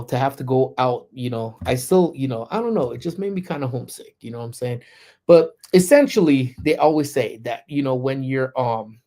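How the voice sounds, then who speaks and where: A man with a mellow, mid-range voice hosts a casual livestream chat. He rambles, restarts his sentences, leans on "you know" a lot, and greets viewers by name.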